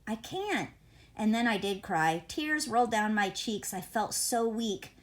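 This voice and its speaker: A woman's voice: medium pitch, expressive, a little slow. A woman reading a first-person novel aloud as an audiobook, in a conversational, wry and reflective manner. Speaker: audiobook reader.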